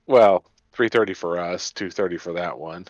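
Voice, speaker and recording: A man's voice: low voice, normal speed, dry recording, lo-fi sound. A man hosting a late-night stream, joking around and a bit tipsy after a few drinks. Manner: joking, laid-back. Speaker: streamer, host. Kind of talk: casual late-night chat.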